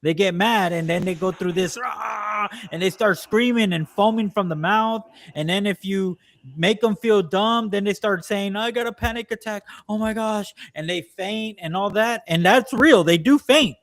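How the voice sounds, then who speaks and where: High-voiced man ranting on a podcast. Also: moderate pace, a bit bright. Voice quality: ranting, mimics voices in quotes. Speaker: podcast co-host. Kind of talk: casual political chat.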